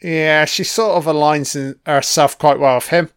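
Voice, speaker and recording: A man's voice: a little high, fairly even intonation, normal speed, smooth, no echo, clean studio sound. A man giving a casual, rambling film commentary, swearing freely and chuckling between asides.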